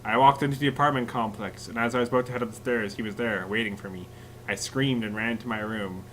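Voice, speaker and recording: A man's voice: on the low side, fairly even intonation, quick pace, fairly bright tone, poor audio. A man reading a scary story aloud to friends, often laughing and stopping to joke about it. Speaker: story reader.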